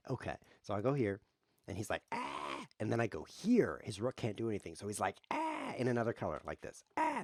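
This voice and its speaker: Low-voiced joking chess streamer man. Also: no room sound, studio quality. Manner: jokey, rambling deadpan asides. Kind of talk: playful live commentary while playing.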